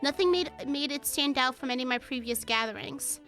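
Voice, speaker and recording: Bright-voiced woman streamer reading a game. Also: high voice, faint music behind. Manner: swears freely, reads narration in a measured tone. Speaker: gaming streamer. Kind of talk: reading a game aloud with reactions.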